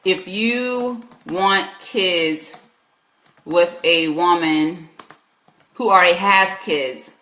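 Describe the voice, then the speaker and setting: A woman's voice: on the low side, extremely slow, bright, forceful tone, roomy sound. A woman with a South Carolina accent, a Christian life coach answering viewers' questions on a live stream in an emphatic, preachy way. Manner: emphatic, preachy, talks back to viewers' comments.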